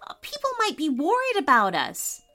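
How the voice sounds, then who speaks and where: A woman voicing an excited, curious young girl in a children's story. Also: sits high, normal speed, soft background music, voice pushed up, heavily acted.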